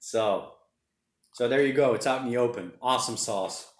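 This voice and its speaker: Male livestream host, mid-pitched, rambling chat in a roomy space. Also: normal speed. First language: Portuguese. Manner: rambling, chatty, reads viewer comments aloud. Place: home room during lockdown.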